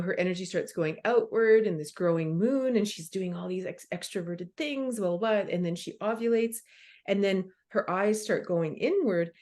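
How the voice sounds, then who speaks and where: Woman, middle-aged, emphatic, animated, casual chat, mid pitch. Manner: animated, emphatic, acts out inner voices. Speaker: guest, spiritual teacher. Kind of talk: casual conversation.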